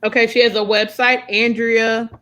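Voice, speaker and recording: A woman's voice: on the high side, flat delivery, moderate pace, fairly bright tone, lo-fi sound. Chatty American woman hosting a podcast. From United States. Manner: chatty, friendly, lots of fillers. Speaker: podcast host. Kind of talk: casual video-call podcast chat.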